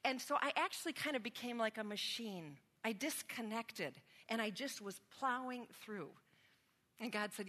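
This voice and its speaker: A woman serving as a church's spiritual formation pastor delivers a sermon in a relaxed, storytelling way, poking fun at herself. Her voice sits a bit high and rings bright. The long reverb of a large sanctuary trails behind every phrase. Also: moderate pace. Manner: conversational, self-deprecating storytelling.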